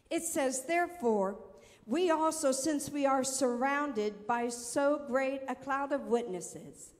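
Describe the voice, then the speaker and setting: A woman pastor delivers a sermon in a high, unhurried voice. She leans into each phrase and keeps calling on the congregation to answer back. The sound carries a long reverb from a church hall. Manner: slow, emphatic preaching with call-and-response to the congregation. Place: church sanctuary.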